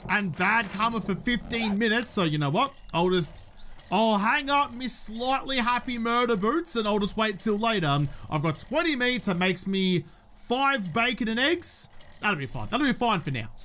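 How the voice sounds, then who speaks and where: A man's voice: sits high, expressive, moderate pace, sharp tone. An Australian man giving jokey, chatty let's-play commentary and talking to his in-game companion. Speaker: gaming YouTuber.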